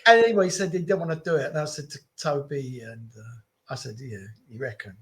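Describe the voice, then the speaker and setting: Lively man telling stories. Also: fairly high pitch, quick pace. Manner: animated, repeats phrases, slangy. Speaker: guest telling his story. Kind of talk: casual storytelling.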